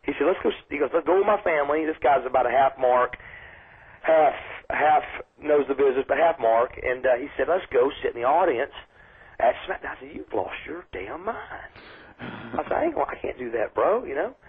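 Phoning into a radio show over a tinny line, a guest wrestler tells a story casually in an interview, animatedly acting out the voices he quotes. His voice is mid-range, husky and fairly quick, with lively intonation.

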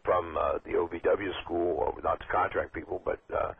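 An older man, a wrestling trainer, talking in a rambling, halting way with many fillers as a guest on a call-in show. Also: deep voice, flat delivery, creaky, slightly rough, no room sound. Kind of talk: casual phone interview. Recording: tinny phone line.

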